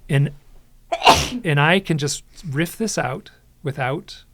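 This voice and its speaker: A man's voice: on the high side, lively intonation, slow pace, heavy background noise. A man who is a podcast guest and author, retelling an experience with dramatic quoted dialogue and frequent restarts. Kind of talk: animated storytelling in conversation.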